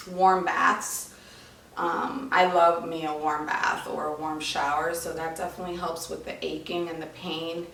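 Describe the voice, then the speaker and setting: A heavily pregnant young woman in a chatty vlog update, pausing to think aloud as she talks. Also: low voice, little pitch movement, creaky, fairly bright tone. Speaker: vlogger. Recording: roomy, from a distance with faint noise.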